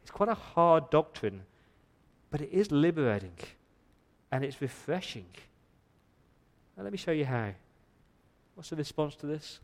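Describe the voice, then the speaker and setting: A pastor giving an emphatic church sermon, full of rhetorical questions and quick stumbling repeats. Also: male voice, a little high, big pitch swings.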